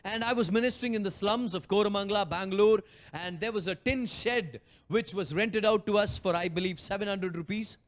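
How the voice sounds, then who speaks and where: A man's voice: high-pitched, fairly quick, few pauses. A man preaching a sermon as pastor, telling a personal story with passion and acting out prayers and quotes.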